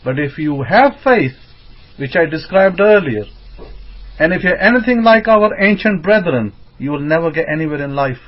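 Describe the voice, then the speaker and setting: Guy preaching a casual sermon, kinda high voice, gets all fired up, muffled lo-fi audio. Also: moderate pace. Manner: emphatic, rising to excited outbursts. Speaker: rabbi teaching. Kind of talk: informal sermon. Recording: dull lo-fi recording.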